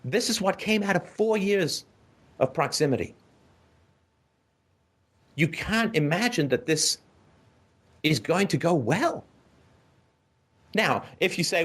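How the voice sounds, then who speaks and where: High-pitched and expressive, this male call-in host talks at a normal pace but takes long pauses. His emphatic lecture to a caller is blunt and forceful, full of profanity and colorful imagery, punctuated by frequent "right?" check-ins.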